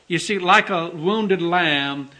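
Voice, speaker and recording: A man preaching a gentle, earnest sermon, telling stories with soft dips and tender emphasis. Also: high voice, slow pace. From Texas.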